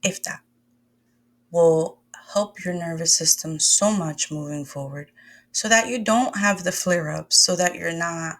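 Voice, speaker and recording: A woman with a lowish, gravelly voice guides a breathwork lesson. She talks to her listeners in a friendly, conversational way, calling them "y'all" and "my loves" as she coaches them through each breath. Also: measured pace, a bit bright. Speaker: somatic wellness coach.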